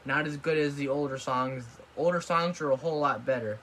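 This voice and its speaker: Recorded on his tablet at home in an apartment room, a male vlogger delivers ranting video commentary in a bright, forceful voice on the high side, talking a little fast. He swears, sounds blunt and dismissive, and grows worked up, with slight hiss or hum on the track.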